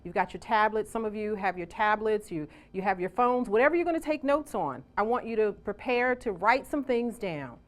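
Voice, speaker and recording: A woman speaking as a seminar coach, giving an energetic motivational talk to a live audience that she calls on to respond. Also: mid-range voice, normal speed, few pauses.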